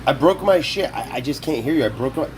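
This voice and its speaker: A man's voice: on the high side, lively intonation, fast talker, noisy background. Rowdy profane young man streaming. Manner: rowdy, profane, trash-talking. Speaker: livestreamer. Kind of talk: casual live-stream talk while cooking. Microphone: phone.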